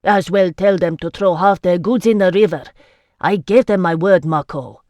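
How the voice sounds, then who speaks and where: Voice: medium pitch, moderate pace, a little mellow, dry recording, lo-fi sound, close to an everyday voice. Narrator doing a haughty, hot-tempered nobleman. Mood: angry.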